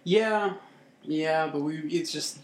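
Slightly high-voiced man, echoey room. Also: slow. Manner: hesitant, many fillers. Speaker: podcast co-host. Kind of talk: casual chat.

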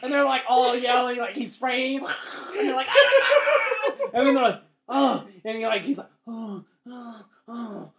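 A young man co-hosts a casual podcast and tells a gross story in a rambling, laughing way. He leans on filler words and slips into shouted quotes. Behind him the noise of a crowd is plain to hear. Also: very high voice, vocal fry. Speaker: podcast co-host.

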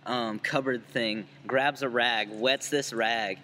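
Bright-voiced young man telling crude stories. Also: mid-range voice, steady tone, slow pace, slight background noise. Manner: crude, laughing storyteller. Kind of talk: casual podcast chat.

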